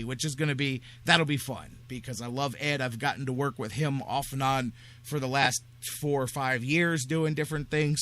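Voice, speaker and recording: A man hosting a sports talk radio show, talking in an energetic, rambling, excitable way. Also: medium pitch.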